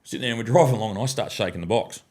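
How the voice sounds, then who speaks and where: A man, a podcast guest telling a sweary, animated story and laughing through his sentences in a studio. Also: fairly low pitch, rapid-fire. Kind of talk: casual storytelling.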